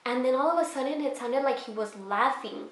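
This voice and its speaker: A woman's voice: high voice, a little fast, echoey room. A young woman vlogger telling a personal story in a casual, rambling way, full of fillers. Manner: rambling, many fillers, emotional retelling.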